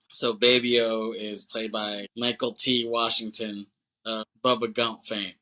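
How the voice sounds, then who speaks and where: A man's voice: lowish voice, level tone, a little slow, sharp tone. A man co-hosting a podcast, casually retelling a film's plot in a loose, jokey way and laughing often. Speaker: podcast co-host. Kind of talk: casual movie recap chat.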